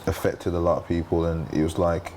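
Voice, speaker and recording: A man who hosts an interview, asking halting, gentle questions and murmuring along as he listens. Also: low voice, level tone, slight background noise.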